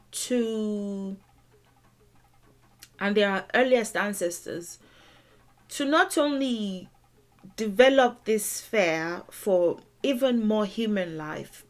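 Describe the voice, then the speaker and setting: Casting: woman, unhurried teacher, medium pitch. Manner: deliberate, emphatic, repeats words for stress. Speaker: language teacher. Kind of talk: explaining song lyrics in a lesson.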